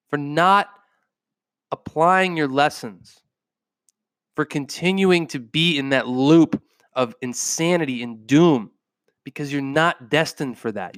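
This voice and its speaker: A man hosting a motivational podcast, his voice sitting a little higher than most men's. He speaks with intensity and emphasis, hammering phrases again and again. The sound is close and dry, with no room around it. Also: animated, unhurried, a bit bright, clear, resonant tone, no room sound. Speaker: podcast host. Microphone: microphone.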